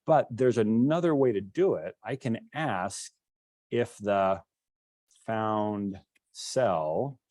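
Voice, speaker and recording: A man's voice: fairly low pitch, slow pace, a little mellow, dry recording. A male instructor giving a classroom lecture, explaining step by step while demonstrating code and thinking aloud.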